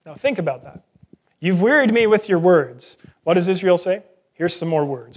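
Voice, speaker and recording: A man's voice: high voice, lively intonation, moderate pace. A man preaching an earnest sermon, asking rhetorical questions and joking at his own expense. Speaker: pastor.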